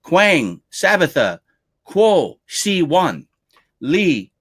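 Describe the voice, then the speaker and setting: A man's voice: a little high, sing-song, measured pace. A male lead trainer hosting a live-stream webinar, upbeat as he reads out viewer names one by one and welcomes them.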